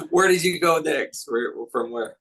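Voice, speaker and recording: A man's voice: fairly high pitch, a bit bright. A man interviewing a veteran, asking questions and giving short encouraging replies. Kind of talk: casual interview.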